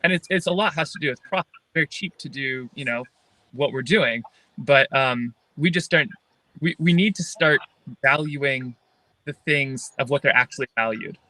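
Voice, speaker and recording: A young man on a video call, an earnest filmmaker thinking aloud in a halting way during a livestream Q&A. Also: mid-range voice, bright, forceful tone, dry recording, poor audio. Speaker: filmmaker guest.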